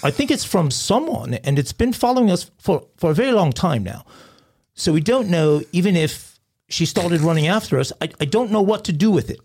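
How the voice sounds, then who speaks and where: A man putting on a British accent and a higher voice to play a flustered, rambling caller who is worried about trivial things. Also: lively intonation, brisk, a little mellow, husky, exaggerated voice. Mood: fretful. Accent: put-on British.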